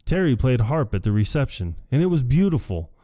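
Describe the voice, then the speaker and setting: Retelling a movie one scene at a time, this podcast co-host performs the lines in changing voices and laughs frequently in a casual chat. He has a warm, medium-pitched voice with big pitch swings and talks a little fast.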